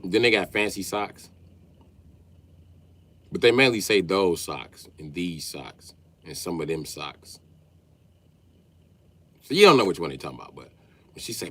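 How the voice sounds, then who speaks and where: A man, ranting comically about family life in a stand-up style, swinging from muttering to yelling. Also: low voice, animated, measured pace, pauses often. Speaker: comedian. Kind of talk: stand-up style comedic rant.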